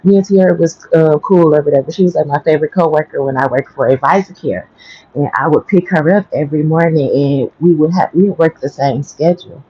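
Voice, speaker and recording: A woman's voice: deep voice, fairly quick, dark tone, slightly rough, no room sound, lo-fi sound. A woman who has just woken up, telling a rambling story on a casual morning livestream from home and keeping her voice down. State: just woke up. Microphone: headphones with mic.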